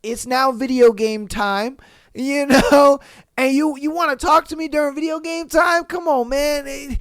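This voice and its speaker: A man's voice: very high-pitched, steady tone, unhurried, a bit bright, no echo, studio quality. A man hosting a podcast in casual chat, reacting to listener comments in a blunt, profane way. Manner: blunt, profane, keeps asking "you know what I mean". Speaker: podcast host.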